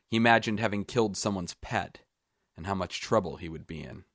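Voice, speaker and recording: Deep-voiced male author narrating his short story, measured and even; dry, close mic. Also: no echo.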